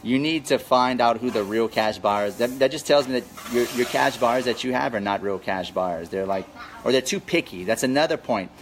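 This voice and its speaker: Energetic guy answering viewer questions live, hammers points over and over, bit of hiss behind. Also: mid-range voice, normal speed, rough recording. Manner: energetic, emphatic, repeats key phrases. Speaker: real estate wholesaling coach.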